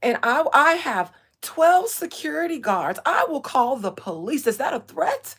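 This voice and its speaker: A woman's voice: sits high, very animated, measured pace, fairly bright tone, pitched above the performer's own voice, full character voice. A woman imitating a whiny, panicky young male streamer who keeps threatening to call the police.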